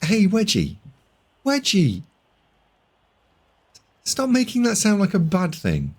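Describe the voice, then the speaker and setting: A man's voice: high-pitched, huge pitch swings, slow, slightly rough. A man streaming a board game live, bantering and teasing with his chat in casual commentary.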